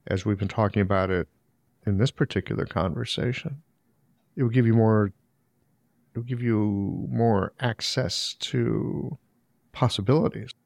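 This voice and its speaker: A male podcast host with a lowish, gravelly voice. He is recorded dry, with no room sound. He responds in a measured, affirming way as he steers the conversation. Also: a little mellow, no echo. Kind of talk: conversational interview.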